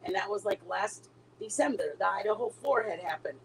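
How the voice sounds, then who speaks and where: A woman's voice: medium pitch, lively intonation, a little fast, slight background noise, rough recording. A middle-aged woman chatting casually with her viewers, telling a long story with many restarts and trailing thoughts. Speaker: livestream host.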